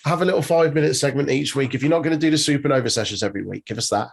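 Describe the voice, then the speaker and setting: A man's voice: mid-range voice, rapid-fire, creaky. A man co-hosting a podcast, chatting casually, laughing often and swearing. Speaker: podcast co-host. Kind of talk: casual chat.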